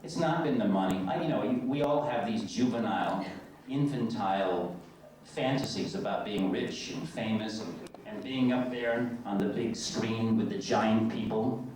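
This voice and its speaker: Self-mocking American actor in an echoey hall. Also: male voice, lowish voice, normal speed, slight background noise. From United States. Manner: lively, self-mocking, acts out quotes. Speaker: actor speaking as convention guest. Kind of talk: on-stage storytelling. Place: large convention hall. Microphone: distant camcorder in audience. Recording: echoey hall from far off, faint ambience.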